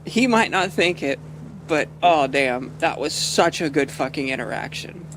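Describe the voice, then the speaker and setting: Streaming a role-play game, a man speaks out of character in a voice on the high side with lively intonation, at a slightly slow pace. His chat is rambling, casual and full of profanity, and he laughs often over a noisy background.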